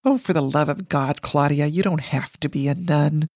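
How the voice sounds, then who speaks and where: A no-nonsense mother brushes off worries in a low, dismissive, matter-of-fact tone, read out by a woman narrator. The voice is deep for a woman and sits in a dry, close recording. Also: normal speed, a little mellow, no room sound. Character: brisk, scornful, no-nonsense mother.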